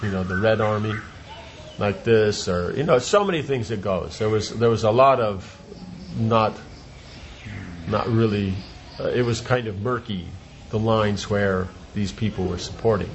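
A man's voice: fairly low pitch, a little slow, background noise. A man giving an informal religious talk as a teacher, rambling, repeating words and asking rhetorical questions. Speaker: spiritual teacher.

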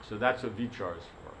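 A man's voice: fairly low pitch, a bit bright, a little hiss or hum, poor audio. Rambling male spiritual teacher. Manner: rambling, many fillers like "you know". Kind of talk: sermon with a told story.

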